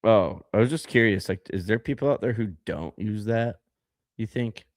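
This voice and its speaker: Man, podcast co-host, casual rant, low pitch, dry sound. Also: moderate pace, no room sound. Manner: rambling, ranting, laughs often, many fillers.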